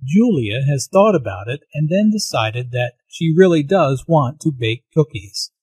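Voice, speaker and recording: A man narrating language notes in an English lesson in a calm, explanatory manner. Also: a little high, a little slow, breathy edge, no echo, poor audio. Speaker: English teacher.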